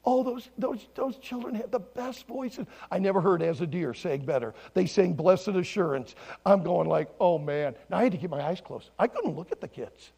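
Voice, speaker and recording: A male pastor delivers a sermon in a church, spinning a story with a lively, swooping delivery. His voice sits high for a man and has a gravelly, husky edge. He acts out the other people in the story and ranges from near-whispers to loud bursts. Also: normal speed. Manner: animated storytelling, acting out voices, dropping to soft hushes and rising to shouts. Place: church sanctuary.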